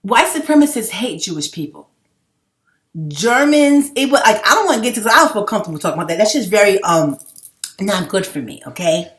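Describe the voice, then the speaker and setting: A woman's voice: mid-range voice, lively intonation, brisk. A middle-aged woman vlogging in a casual, rambling monologue, emphatic and full of swearing. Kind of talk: casual unscripted monologue to camera. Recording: roomy echo.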